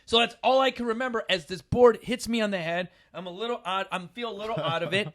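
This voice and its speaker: A middle-aged man hosting a casual talk show, telling a story with animated bursts of loud acting-out. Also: high-pitched, fast. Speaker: podcast host.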